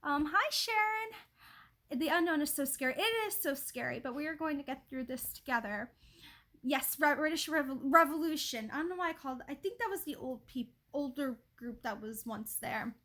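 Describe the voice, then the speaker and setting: A woman's voice: high voice, expressive, a little fast, a bit bright. A woman chatting on a livestream from her home, rambling with lots of likes and ums and greeting viewers by name. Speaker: livestream host. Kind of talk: casual livestream chat.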